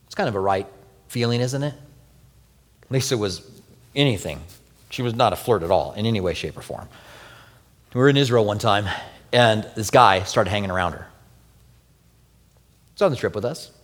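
Animated pastor preaching in a reverberant hall. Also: male voice, fairly low pitch, normal speed, pauses often. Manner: animated storytelling, acts out quoted prayers softly. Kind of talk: sermon.

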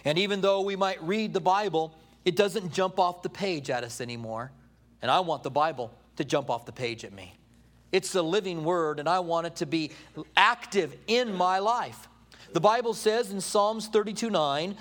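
A man preaching a sermon from a study, animated, retelling stories and acting out the voices. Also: high voice, normal speed. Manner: animated storytelling, acts out quoted voices.

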